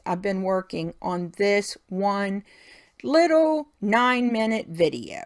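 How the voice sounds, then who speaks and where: Speaking slowly at a medium pitch with no echo, this middle-aged woman runs a craft video. Her talk is a chatty, folksy vlog rant, and she laughs a lot while venting.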